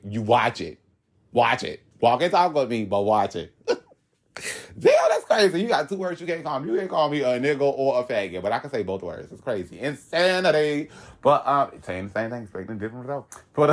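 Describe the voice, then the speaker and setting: A young man from Florida telling a long story in casual chat, animated, laughing often, with sudden high-pitched outbursts and slang-heavy speech. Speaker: podcast guest telling a story.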